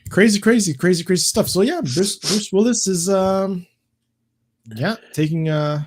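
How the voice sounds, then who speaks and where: A man's voice: high voice, measured pace. A man co-hosting a casual livestream podcast, chatting loosely and profanely and reading out viewer comments. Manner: loose, profane, reads chat aloud. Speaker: podcast co-host.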